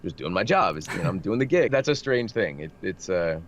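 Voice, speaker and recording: A man with a low, slightly nasal voice talks shop in a relaxed interview. He keeps restarting his sentences and getting animated. The remote audio sounds dull with faint hiss behind it. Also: fairly quick. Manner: animated, self-deprecating, lots of restarts. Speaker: voice actor guest. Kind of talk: casual interview chat.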